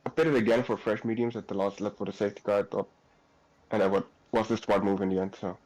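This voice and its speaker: A man's voice: on the low side, fairly even intonation, quick pace, darkish tone, low-quality recording. A man talking through his race casually in a post-race interview, swearing now and then.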